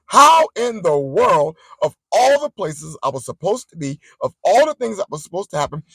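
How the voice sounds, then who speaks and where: Animated man telling a story. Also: high voice, no room sound, rough recording. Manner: animated, chatty, addresses viewers directly. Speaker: vlogger. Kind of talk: casual storytelling to camera.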